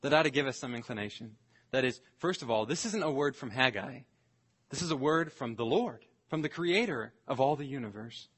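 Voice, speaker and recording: A man, a pastor, preaching an earnest expository sermon, slowing down to stress scripture phrases. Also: medium pitch, lively intonation, fairly bright tone, husky.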